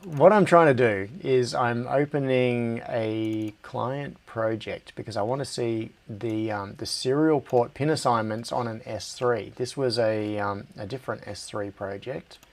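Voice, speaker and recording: A man's voice: mid-range voice, a little slow, vocal fry, few pauses. A middle-aged Australian man hosting a casual live stream, thinking aloud, distracted and laughing often. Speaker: livestream host. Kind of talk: casual live-stream chat while working.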